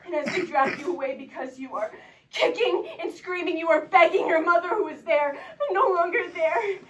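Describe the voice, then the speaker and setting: A woman's voice: extremely high pitch, moderate pace. Desperate young woman, played by an actress on stage. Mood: bitter anguish. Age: young adult. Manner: emotional, voice breaking into tears and shouts. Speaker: stage actor. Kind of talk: theatrical stage monologue. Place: theater stage. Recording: distant live stage recording.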